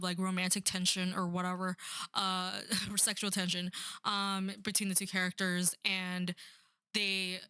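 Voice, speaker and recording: A woman's voice: medium pitch, sharp tone, smooth, dry recording, clean studio sound. A young woman rambling sarcastically through a book review, full of "like" and "um". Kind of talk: casual rant about a book.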